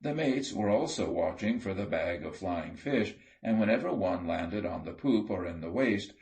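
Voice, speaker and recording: A man reading an audiobook sea story aloud in a steady, measured storytelling manner. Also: fairly low pitch. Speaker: audiobook reader. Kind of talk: scripted narration.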